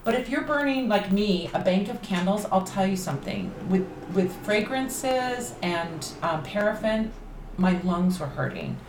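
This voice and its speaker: A woman talking casually on a podcast about candle magic, chatty and animated. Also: medium pitch, unhurried. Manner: chatty, animated, laughs easily. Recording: roomy echo, faint background noise.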